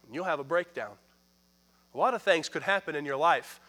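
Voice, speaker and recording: High, bright-voiced preaching man. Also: animated. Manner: emphatic preaching that swings from quick asides to loud pronouncements; addresses the congregation directly and calls for responses. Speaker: pastor. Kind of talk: sermon.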